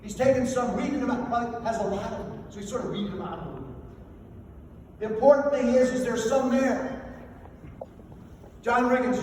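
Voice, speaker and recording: Older man, high voice, echoing hall. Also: a little mellow. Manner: anecdotal, self-deprecating storytelling. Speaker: after-dinner speaker. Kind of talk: humorous motivational speech. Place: banquet hall. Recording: echoey hall from far off, faint noise.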